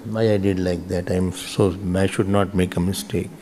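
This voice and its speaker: A man with an Indian accent giving a spiritual discourse as a swami, animated and switching between English and Hindi. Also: low voice, measured pace, noisy background. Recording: reverberant hall.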